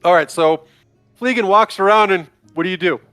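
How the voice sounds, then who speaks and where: A man narrating as dungeon master of a tabletop game, in a relaxed, halting way. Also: sits high, clear, resonant tone, no echo, soft background music.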